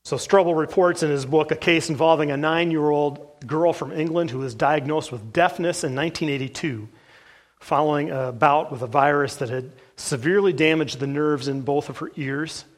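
A man preaching a sermon as pastor, reading case accounts aloud from a book in an earnest, steady way with the odd "uh". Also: fairly high pitch.

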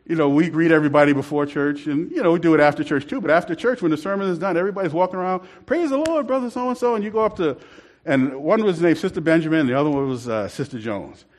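Man, casual church storyteller, rambling, chuckling, slightly high voice. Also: fast talker, darkish tone. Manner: rambling, laughs often. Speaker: church member telling a testimony.

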